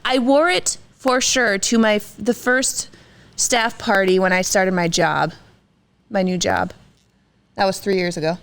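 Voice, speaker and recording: A woman's voice: mid-range voice, measured pace, clear, resonant tone. A woman in her thirties co-hosting a podcast in casual chat, chatty and laughing often, trailing off mid-sentence. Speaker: podcast co-host.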